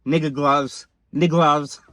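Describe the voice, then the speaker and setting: A man voicing an overfamiliar, clueless white man in a satirical skit, talking in a chummy, halting way full of ums and you knows. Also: medium pitch, fairly bright tone, a little hiss or hum.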